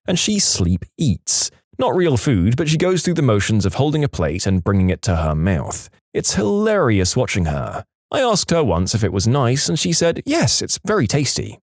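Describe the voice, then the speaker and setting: Man, storytime narrator, lively swooping pitch, acts out quotes, dry close sound. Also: moderate pace, no room sound. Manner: expressive, acts out quoted lines with voice changes. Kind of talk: scripted narration of reader stories.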